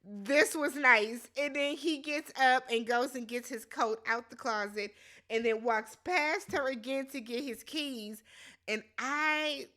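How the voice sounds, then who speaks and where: Female recap host, high and bright voice, animated, blunt, exclaiming. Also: unhurried. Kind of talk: casual recap commentary.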